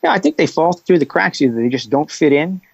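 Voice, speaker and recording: A middle-aged man and coach, speaking as a podcast guest and telling stories in a relaxed way. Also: fairly high pitch, fast, gravelly, husky, dry recording, lo-fi sound. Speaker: guest, restaurant executive and coach. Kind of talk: conversational interview.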